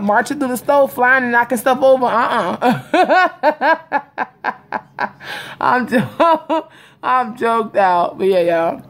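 A woman chatting casually to camera in an animated storytelling style, laughing often. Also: fairly high pitch. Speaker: vlogger. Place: home, indoors. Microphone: phone or webcam camera.

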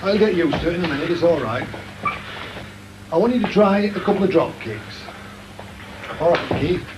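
A middle-aged man, coaching a novice wrestler in a gruff, barking way. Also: on the high side, lively intonation, moderate pace. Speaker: wrestling trainer. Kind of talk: coaching instructions. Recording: noisy archive documentary sound.

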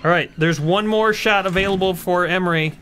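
A man's voice: high voice, brisk, bright, forceful tone, a little hiss or hum. A man co-hosting a let's-play stream, cracking crude jokes and reading out viewer offers in casual chat.

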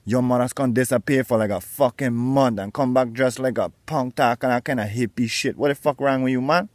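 A man trades profane insults in a comedy sketch. His voice is mid-pitched and heard dry and close. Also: fairly quick, dry recording. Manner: aggressive, profane, mocking.

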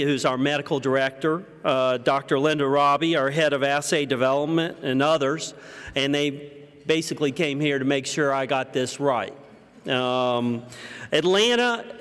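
A man with a cold giving a conference keynote, his voice deep and husky, measured, listing his points. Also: a bit bright. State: hoarse from a cold. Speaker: keynote speaker. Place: large conference hall. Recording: long reverb of a conference hall.

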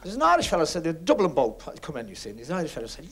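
A man doing stand-up comedy on a 1970s TV stage, telling quick jokes with punchlines. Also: huge pitch swings, fairly bright tone. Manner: brisk punchline delivery with big pitch swings. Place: TV studio stage with audience.

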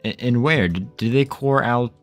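A young man commentating his strategy game casually, excitable and swearing, with quick mood swings. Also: mid-range voice, soft background music. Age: young adult. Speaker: gaming video creator.

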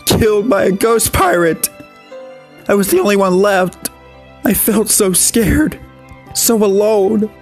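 A terrified young male pup in a spoken horror story, his voice pushed high and strained with tears, as a male narrator puts him on. He cries out in desperate pleading bursts, pitched well above the narrator's own voice. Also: expressive, slow, pauses often, soft background music. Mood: panicked sobbing.

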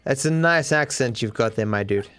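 A man's voice: mid-range voice, expressive, normal speed, a bit bright, soft background music. A man with an Australian accent giving joking, sarcastic live commentary while he plays a game, swearing casually. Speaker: streamer.

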